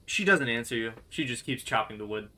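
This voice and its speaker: A man runs a tabletop game, describing the scene and voicing its characters in passing. His voice is bright and forward, and his narration stays relaxed and amused. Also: mid-range voice, brisk. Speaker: game master.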